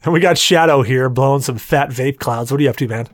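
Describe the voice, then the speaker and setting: A man's voice: medium pitch, quick pace, no echo, clean studio sound. A man hosting a podcast, teasing his guests in crude joking banter. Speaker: podcast host.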